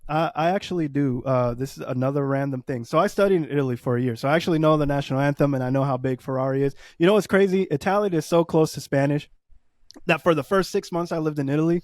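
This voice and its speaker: A man co-hosting a podcast in casual chat, excitable and quick to laugh. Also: on the high side, no room sound, clean studio sound. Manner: excitable, laughs often, fast bursts. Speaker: podcast co-host.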